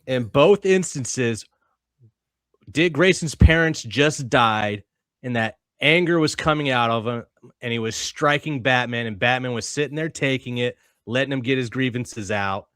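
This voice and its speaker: A man's voice: mid-range voice, a little slow, fairly bright tone, clear, resonant tone, dry recording, clean studio sound. A man hosting a casual comic-book discussion who argues his points and teases his friends. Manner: argumentative, teasing. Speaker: podcast host.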